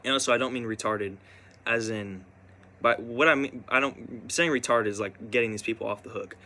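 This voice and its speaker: Rambling, halting young man. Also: mid-range voice, bright, forceful tone. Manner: rambling, halting, many restarts and fillers. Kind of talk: personal storytime vlog.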